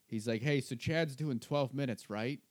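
Male stand-up comic with a mid-range voice, animated, talks into a dry podcast mic and plays every person in his anecdote. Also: mid-range voice, moderate pace, no echo. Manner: animated, acts out the other people's lines. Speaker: stand-up comedian telling a story. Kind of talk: casual podcast storytelling. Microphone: podcast microphone.

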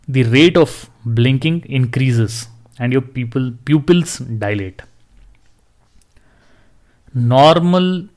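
A man's voice: medium pitch, a little mellow. Earnest man giving advice. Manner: earnest, advising, with restarts and fillers. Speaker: podcast host. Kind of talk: solo podcast talk, advice.

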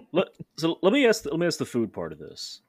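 A man's voice: a little high, huge pitch swings, normal speed, no room sound. A man hosting a casual podcast conversation, telling candid, self-deprecating stories. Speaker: podcast host.

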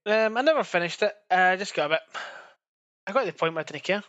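A man's voice: high voice, animated, fast talker, sharp tone, highs cut off. A young man, a podcast co-host, chatting casually in a rambling, sweary way with frequent laughs. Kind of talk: casual chat.

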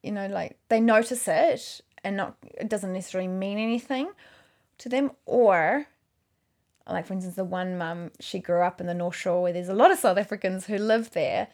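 A woman's voice: medium pitch, moderate pace, a little mellow. Chatty New woman. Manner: chatty, rambling, self-correcting. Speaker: video maker. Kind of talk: casual chat.

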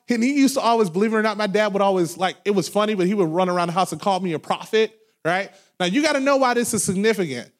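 A man in his thirties, a pastor preaching a sermon, loud and animated as he tells stories with laughs. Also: high voice, fast talker, hardly any pauses. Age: 30s. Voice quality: loud talker. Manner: animated storytelling with laughs and acted quotes. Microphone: handheld microphone held away from mouth.

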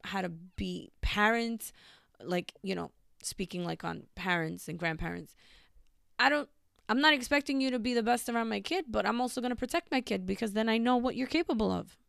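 A woman's voice: medium pitch, fairly quick, gravelly, fairly bright tone, dry recording, studio quality. A young woman hosting a talk show, speaking bluntly and emphatically in a casual monologue. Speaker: podcast host.

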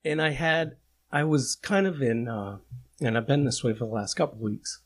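A man chats on a podcast with a husky, breathy voice at a middling pitch. He gets emotional and halting, stopping and restarting his sentences. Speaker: podcast host. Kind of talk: casual podcast chat.

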